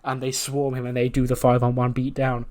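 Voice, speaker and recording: Guy narrating his wrestling sim run, chatty, mid pitch, keeps correcting himself. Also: monotone, a little fast, darkish tone. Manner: chatty, laughs at own jokes, self-correcting. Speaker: game commentator.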